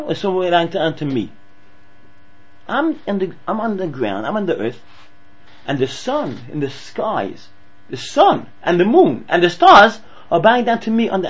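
A man giving an excitable Torah lesson, often repeating and restarting words, on a dull lo-fi recording with hum. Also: on the high side, slightly rough. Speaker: Torah teacher.

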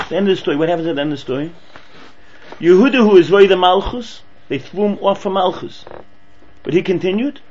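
A man giving an excitable Torah lesson, often repeating and restarting words, on a dull lo-fi recording with hum. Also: fairly high pitch. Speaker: Torah teacher.

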